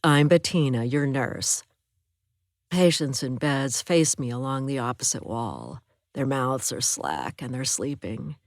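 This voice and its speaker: A woman narrating an audiobook thriller in the first person, measured and even. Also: extremely low pitch, dry recording, clean studio sound.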